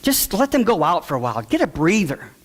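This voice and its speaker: A man quoting a smooth-talking, manipulative man who coaxes him in a soothing, falsely caring tone. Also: high voice, very animated, fairly quick, voice pushed up, low-quality recording. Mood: coaxing. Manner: soothing, persuasive.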